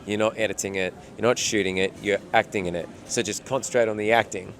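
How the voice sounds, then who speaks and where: Low-voiced Australian man, thoughtful. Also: steady tone, fast, a bit bright, slight background noise. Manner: reflective, thinks aloud with fillers. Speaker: actor being interviewed. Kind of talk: casual interview answers.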